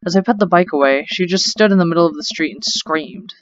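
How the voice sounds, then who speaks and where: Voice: mid-range voice, fairly quick, lo-fi sound, slight background noise. Chatty let's play host reading game text. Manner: chatty, rambling asides with frequent laughs. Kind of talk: reading game text aloud with casual commentary.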